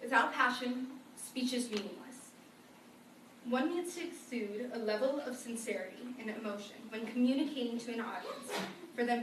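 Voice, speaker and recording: A teenage woman gives her senior class presentation in a plain, conversational tone with a fairly high voice. She is picked up from across an echoey school room. Steady background noise runs beneath her. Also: far from the mic. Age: teens. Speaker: student presenter.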